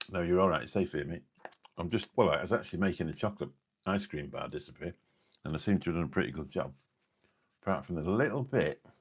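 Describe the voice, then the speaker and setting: Reading his chat late at night, this Lincolnshire streamer chats casually and cracks jokes as he wanders between comments. His voice sits low and carries a breathy edge.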